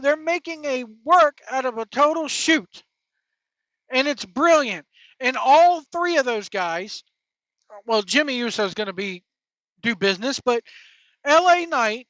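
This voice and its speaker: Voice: high-pitched, pushed and bright, no room sound. A wrestling show host giving casual, informal commentary with slangy, emphatic phrasing. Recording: dull lo-fi, dry.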